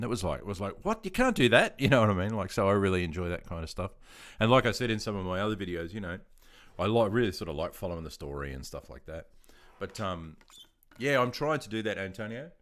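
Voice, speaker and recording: A man's voice: sits low, fairly quick. An Australian man in his fifties, chatting in a rambling, self-deprecating way while reading out chat on a gaming live stream. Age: 50s.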